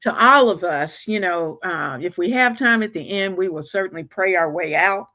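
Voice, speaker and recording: An older woman hosting a livestream chat show, talking gently and rambling with many fillers. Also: lowish voice, normal speed, dry recording. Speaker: show host.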